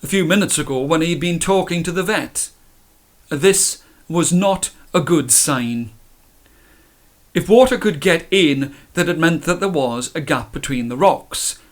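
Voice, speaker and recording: A man reading a story aloud in a measured, expressive way. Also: fairly high pitch.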